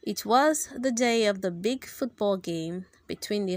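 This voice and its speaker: A woman reading a children's book aloud in an expressive, animated storytelling manner. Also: medium pitch, unhurried, hardly any pauses, no echo.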